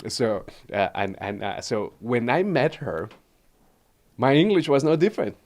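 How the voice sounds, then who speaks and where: A man's voice: medium pitch, expressive, measured pace, a little mellow. A man from Mexico with a Mexican Spanish accent, hosting a wellness livestream and telling a personal story casually, laughing often and repeating words.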